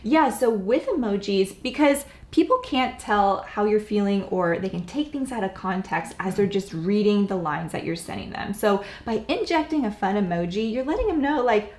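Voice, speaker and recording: A woman's voice: mid-range voice, lively intonation, moderate pace, hardly any pauses, darkish tone. A young adult woman co-hosting a casual coaching chat, upbeat and playful, often laughing. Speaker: co-host, business coach. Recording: roomy echo.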